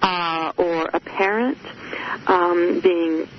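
A woman's voice: lowish voice, fairly even intonation, very slow, dull audio, a little hiss or hum. A woman psychologist hosting a radio interview, talking earnestly and emphatically with many fillers and restarts. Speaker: radio show host, psychologist.

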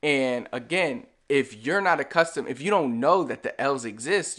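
Brief: Puerto Rican man, mid-pitched, casual teacher, slow repeated examples. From Puerto Rico. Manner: relaxed, repeats example words slowly with demonstration. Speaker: Spanish language teacher. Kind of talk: casual explanatory lesson.

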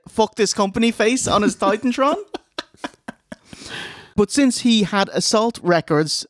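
A man's voice: high-pitched, dry recording, clean studio sound. A man co-hosting a casual review show, recapping with wry asides. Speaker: podcast co-host. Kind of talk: casual wrestling review chat.

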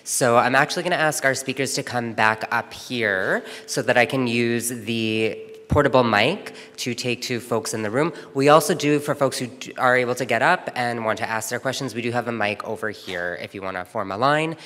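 Male session moderator, bright voice, directing Q and A in a reverberant hall. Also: mid-range voice, moderate pace, hardly any pauses, a little hiss or hum. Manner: organized, friendly announcements. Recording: long reverb of a conference hall.

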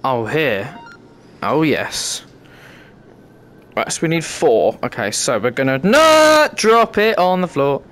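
A man's voice: a little high, very animated, takes it slowly, a bit bright. A British man giving cheeky, sweary commentary while playing a VR game. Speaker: gamer content creator. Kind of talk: casual gameplay commentary.

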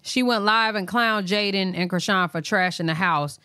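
A woman's voice: mid-range voice, normal speed, clear, resonant tone, no echo, studio quality. A woman hosting a casual reaction stream, chatty and addressing viewers directly. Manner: chatty, animated, talks to viewers. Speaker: reaction host.

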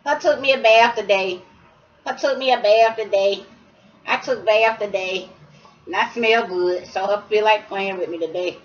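A proud, babyish pet dog boy chatters in broken baby-talk, as a woman puts him on. The voice sits higher and louder than an everyday voice. The sound is a bit dull and lo-fi. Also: normal speed, lightly acted.

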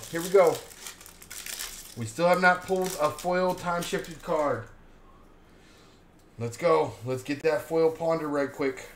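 A man hyped up while opening card packs, counting out loud and calling out each card he pulls. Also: on the high side. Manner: hyped, counts cards aloud, names each pull. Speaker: card pack opener. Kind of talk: casual card-opening commentary. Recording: roomy echo, faint background hum.

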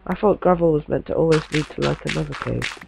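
A man's voice: on the high side, fast, vocal fry, noisy background. A man giving casual, chatty gameplay commentary, muttering to himself and swearing mildly as he plays.

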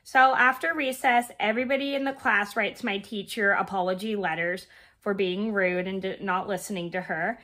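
A woman in her thirties, hoarse and scratchy while she gets over a cold, tells a casual story as she crochets. Her voice is bright, and she rambles on with lots of fillers and restarts. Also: mid-range voice, steady tone, moderate pace. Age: 30s. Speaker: vlogger.

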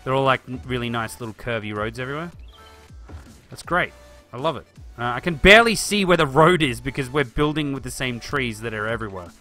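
A man's voice: mid-range voice, expressive, brisk, pushed and bright, soft background music. A man chatting casually through a live stream of a city-building game, thinking aloud and answering viewers. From Australia. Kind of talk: live-stream gameplay commentary.

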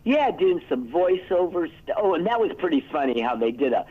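A man's voice: a little high, sing-song, normal speed. Rambling man in his sixties over the phone. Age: 60s. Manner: rambling, self-interrupting storyteller. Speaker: interview guest. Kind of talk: casual phone interview. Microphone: telephone. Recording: tinny phone line.

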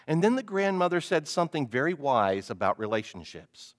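A male pastor preaching a sermon, animated, often putting questions to the congregation. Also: mid-range voice, a little fast, few pauses.

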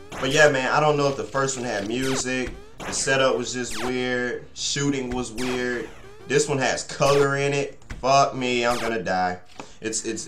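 A man's voice: fairly low pitch, fairly bright tone, slight background noise. Cursing young man playing a game. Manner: frustrated, swears a lot, rambles to viewers. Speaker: gaming channel host. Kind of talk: let's play commentary. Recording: echoey room.

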